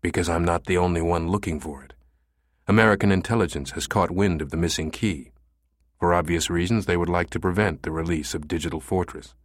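A man voicing a calm, cold American conspirator who talks in a quiet, soothing way in an audiobook. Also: deep voice, brisk, no room sound, studio quality.

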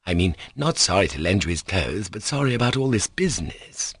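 A man reading a polite, fussy investigating official who speaks in a mild, apologetic, measured way. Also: sits low, sing-song, a bit bright, breathy edge, no room sound, full character voice. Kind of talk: audiobook character reading.

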